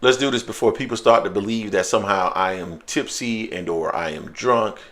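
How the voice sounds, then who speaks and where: A man's voice: lowish voice, fairly quick, noisy background. Loose, slangy male live-stream host. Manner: loose, animated, slangy banter. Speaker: sports show host. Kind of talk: casual live-stream chat.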